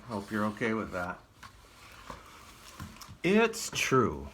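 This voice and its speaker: A man reading a picture book aloud as a children's librarian, gently asking the listener questions. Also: on the low side, breathy edge.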